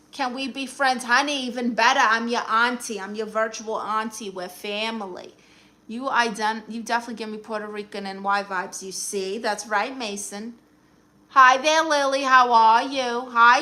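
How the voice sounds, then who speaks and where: Sassy Brooklyn woman, bright high voice. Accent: Brooklyn New York. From Brooklyn, New York. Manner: sassy, teasing, calls viewers honey. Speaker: livestream host giving advice. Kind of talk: casual livestream chat, answering comments.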